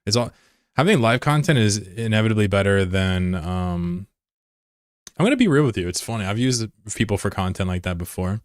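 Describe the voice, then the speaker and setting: A man's voice: on the low side, expressive, fairly quick, dry recording, studio quality. A man live streaming and chatting casually with his viewers while he plays, laid-back, swearing freely and laughing easily. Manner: chats with viewers while playing a game. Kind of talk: casual livestream chat.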